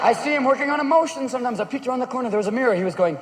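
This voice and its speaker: A man performing a stand-up comedy routine on stage, manic and rapid-fire, darting into silly voices, recorded live with a roaring audience. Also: very high voice, vocal fry, very noisy. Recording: roomy live show recording, loud audience laughter.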